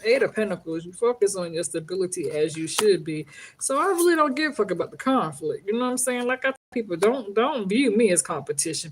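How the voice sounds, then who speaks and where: A woman's voice: medium pitch, darkish tone. A woman from the Bronx with a New York accent, reading tarot from home in a brash, profane, joking live-stream chat. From Bronx, New York City. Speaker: tarot reader.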